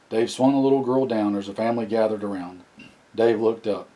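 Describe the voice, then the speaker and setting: Male audiobook narrator; low and mellow, steady reading with the odd restart. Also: brisk, low-quality recording. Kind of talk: scripted narration.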